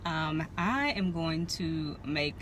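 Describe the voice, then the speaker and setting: A woman with a Southern US accent talking casually to her followers in a vlog, speaking slowly and earnestly. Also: low-pitched, expressive, fairly bright tone, a little hiss or hum. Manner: slow and deliberate, earnest. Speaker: language-learning vlogger.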